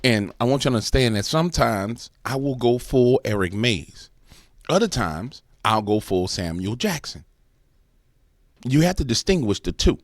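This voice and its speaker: A man's voice: mid-range voice, expressive, normal speed, no room sound, clean studio sound. A man hosting a reaction channel, joking in slangy comedic commentary.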